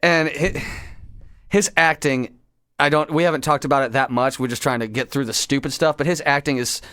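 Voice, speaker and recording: A man's voice: mid-range voice, steady tone, fairly quick, a bit bright, smooth, no echo, clean studio sound. A man co-hosting a casual movie-review podcast, ranting in exasperated disbelief. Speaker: podcast co-host.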